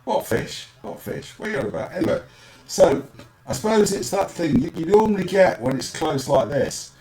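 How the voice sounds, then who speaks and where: A man's voice: high-pitched, animated, moderate pace, darkish tone, roomy sound, a little hiss or hum, low-quality recording. A man hosting a casual football podcast, teasing his co-host with dry asides.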